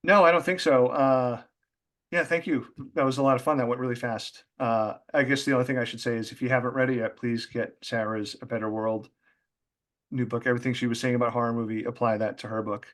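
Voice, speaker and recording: A man's voice: mid-range voice, fairly even intonation, brisk, a bit bright. A man, an author as guest, talking in a casual, rambling way with many fillers. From Boston area. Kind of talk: casual conversation.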